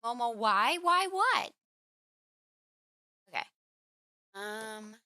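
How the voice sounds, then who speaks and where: A woman streams from home in a loose, chatty way, fussing over and scolding her cat as she sets up her game. Her voice is bright and a little high. It sits dry and close to the mic. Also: big pitch swings, very slow, no echo. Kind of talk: casual live-stream chat. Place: home room.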